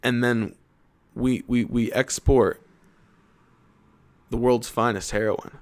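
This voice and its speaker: A man's voice: mid-range voice, fairly even intonation, slow pace. A young man from Canada hosting a podcast, rambling and joking casually with plenty of swearing. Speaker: podcast host.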